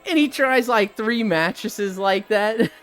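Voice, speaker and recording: In a medium-pitched, slightly bright voice, a streamer takes it slowly while walking and chatting live over faint music. They retell amusing stories casually, laughing often, cursing, and performing the quoted voices.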